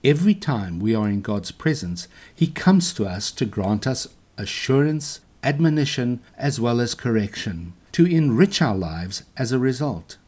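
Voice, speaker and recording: A man preaching a sermon in a measured, earnest way, ending in a prayer. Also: mid-range voice, sing-song, a little mellow. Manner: measured, earnest preaching with slow emphatic questions. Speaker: pastor.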